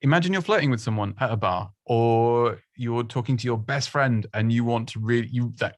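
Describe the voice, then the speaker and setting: A man's voice: mid-range voice, normal speed, hardly any pauses, no echo. A man giving casual, chatty presenting advice, self-deprecating and full of restarts and little laughs. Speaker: presenting coach.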